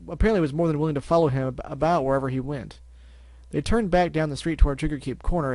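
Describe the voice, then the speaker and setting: A man reads a fan story aloud in a mid-pitched, everyday voice, now and then tripping and restarting. He breaks off for wry asides, recorded close with no room sound. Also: darkish tone, dry recording. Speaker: story reader. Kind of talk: fan fiction reading with asides.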